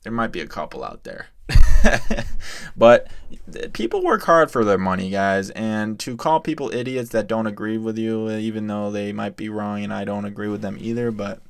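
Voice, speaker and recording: Young man, low voice, casual vlog commentary, rambling, chatty, talks to viewers. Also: animated, normal speed, creaky, smooth. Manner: rambling and chatty, often addresses viewers as guys. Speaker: crypto news vlogger.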